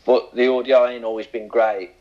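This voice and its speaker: A man's voice: medium pitch, little pitch movement, moderate pace. A man co-hosting a podcast in casual, jokey banter. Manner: laid-back, jokey, with restarts. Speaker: podcast co-host. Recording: dull lo-fi podcast sound.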